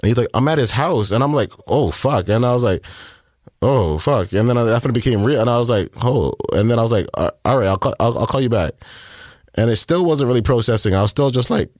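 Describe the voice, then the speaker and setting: A man telling a personal story in an interview, halting and full of fillers and repeats. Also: mid-range voice, lively intonation, a little mellow, no echo, studio quality. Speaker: guest.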